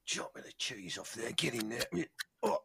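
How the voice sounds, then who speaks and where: A man in an improv comedy show playing a crude, gruff actor who plays a lonely cheese sculptor, in a coarse, mumbled voice. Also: medium pitch, animated, unhurried, noisy background. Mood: leering. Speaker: improv player.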